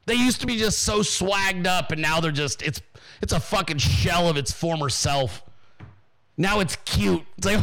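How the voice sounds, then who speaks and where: A man's voice: high voice, moderate pace, a bit bright. A male podcast host in a profane, mocking rant, often mimicking imagined people.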